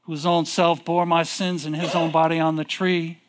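A man preaching a sermon, reading scripture in King James wording and asking his congregation questions, with slow, drawn-out emphasis. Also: on the high side, little pitch movement. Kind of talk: sermon with call and response.

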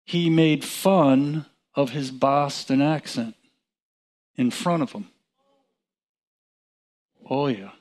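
Man, Bible teacher; unhurried, chatty delivery, raised pitch. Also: darkish tone. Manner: slow, chuckling, conversational with restarts. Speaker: preacher.

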